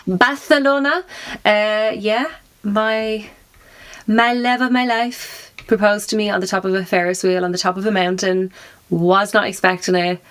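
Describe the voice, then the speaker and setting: A woman's voice: mid-range voice, steady tone, moderate pace, a bit bright, clear, resonant tone. A young adult woman co-hosting a podcast, chatting casually, giggly and full of fillers. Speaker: podcast co-host. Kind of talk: casual chat.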